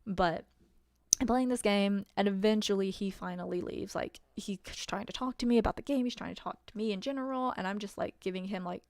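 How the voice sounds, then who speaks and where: A woman's voice: mid-range voice, brisk, a little mellow, no room sound. A woman telling a personal story in a casual, wry way, full of fillers. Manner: chatty, wry, many fillers and laughs.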